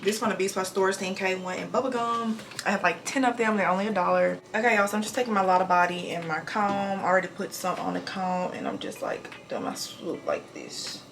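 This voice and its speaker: A young woman in her twenties talking fast and casually while getting ready in her bathroom, recorded on a camera mic. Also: mid-range voice, noisy background. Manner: talks fast without pauses, breathy between sentences. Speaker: nurse vlogger. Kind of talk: casual get-ready-with-me vlog. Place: home bathroom.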